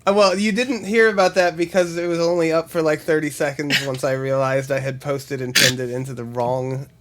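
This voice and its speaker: Chatty podcast guy, a bit high. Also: fairly even intonation, fairly quick, very noisy. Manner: laughs while telling stories. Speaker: podcast co-host. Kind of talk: casual chat.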